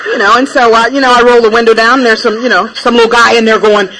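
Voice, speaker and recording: A woman speaker telling her own recovery story in a lively, laughing way, with many fillers. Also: on the high side, quick pace, crowd noise. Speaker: traveling speaker. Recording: noisy recording.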